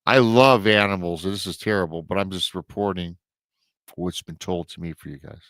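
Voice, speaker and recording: A male host on a storytelling podcast reads out a listener's emailed story with drama and emotional asides. His pitch is low, his tone fairly bright and his pace moderate, in studio-quality audio with no echo.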